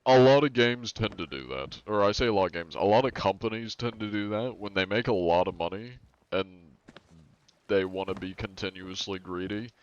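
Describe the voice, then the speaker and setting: A man's voice: fairly low pitch, moderate pace, clean tone, dull audio. A man streaming a game live, chatting in a rambling, laid-back way with small chuckles. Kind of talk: casual live-stream chat.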